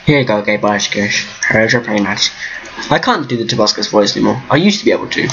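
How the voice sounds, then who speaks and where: A goofy, excitable man giving casual commentary while playing a block-building game at home. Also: lowish voice, fast, lo-fi sound, a little hiss or hum. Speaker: Minecraft let's player. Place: room at home.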